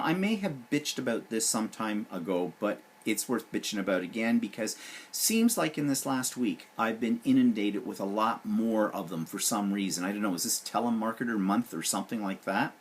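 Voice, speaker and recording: A man's voice: medium pitch, breathy edge. A man hosting his weekly vlog, griping sarcastically and with animation. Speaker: vlog host. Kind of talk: casual vlog rant.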